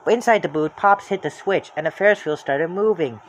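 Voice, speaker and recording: A storybook reader narrating a children's book aloud in a lively, expressive way. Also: mid-range voice, a little fast, a little hiss or hum.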